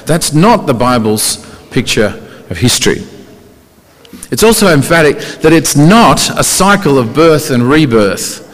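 A man preaching a conversational sermon, with rhetorical questions and sudden emphatic rises in pitch. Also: big pitch swings, a little slow. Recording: reverberant hall.

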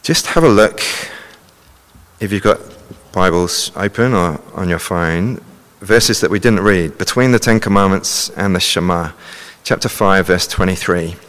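A man's voice: sits low, unhurried, a bit bright, big-room sound. A man preaching a sermon, earnestly explaining and reading scripture passages aloud to a congregation.

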